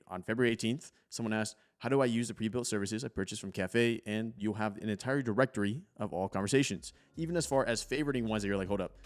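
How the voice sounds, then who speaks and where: Laid-back man walking through a tutorial. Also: fairly low pitch. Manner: relaxed, conversational, peppered with "like". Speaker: tech tutorial host. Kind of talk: casual screen-recording tutorial.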